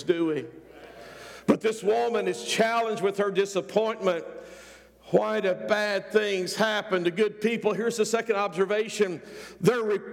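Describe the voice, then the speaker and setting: Pastor, middle-aged man, fervent repetitive sermon delivery, raspy edge, reverberant church. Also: sits high. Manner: preaching with rising fervor, repeated phrases.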